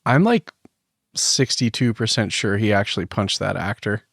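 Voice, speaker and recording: A man co-hosting a podcast, dropping short, deadpan comments into the chat. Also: fairly low pitch, normal speed, creaky, dry recording, clean studio sound. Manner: brief, deadpan interjections. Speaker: podcast co-host. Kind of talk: casual chat.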